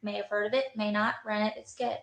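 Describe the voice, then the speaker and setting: A woman's voice: mid-range voice, little pitch movement, fast talker, roomy sound, slight background noise. A woman giving a casual movie review to camera, rambling through the actors with dry, offhand asides. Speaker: movie reviewer in an old video.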